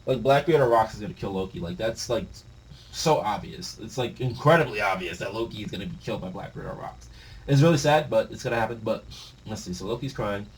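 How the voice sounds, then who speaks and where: A man reading a manga aloud and reacting, talking in a casual, slangy, excitable way. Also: on the low side, fast. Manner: excitable, slangy, breaks into shouts and laughs.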